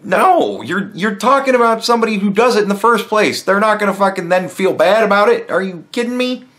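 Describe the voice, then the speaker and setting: A man's voice: high-pitched, lively intonation, brisk, fairly bright tone. A man giving a blunt, profane reaction rant as a vlogger, stumbling over restarts. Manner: blunt, heavy swearing, frequent restarts. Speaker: vlogger commentator.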